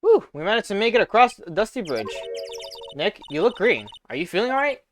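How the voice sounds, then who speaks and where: A woman's voice: mid-range voice, sing-song, brisk, faint music behind, voice pushed up, natural voice. A woman voicing a cheerful young woman medium in a game, chatty and curious. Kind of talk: voicing game dialogue live.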